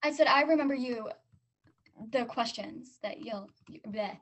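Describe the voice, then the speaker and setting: Woman podcast co-host, slightly high voice, hesitant casual talker. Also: a little slow, fairly bright tone. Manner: hesitant, self-conscious, trailing off. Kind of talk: casual chat.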